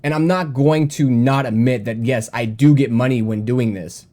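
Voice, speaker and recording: A man's voice: mid-range voice, moderate pace, warm tone. A young man live-streaming, talking defensively in a rambling way and reading viewer chat aloud between his points. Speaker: game streamer.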